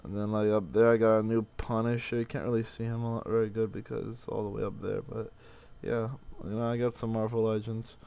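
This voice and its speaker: A man's voice: lowish voice, level tone, a little fast, creaky, few pauses, darkish tone, clean tone. A man in his twenties venting in a rambling, profane vlog with many restarts. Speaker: vlogger.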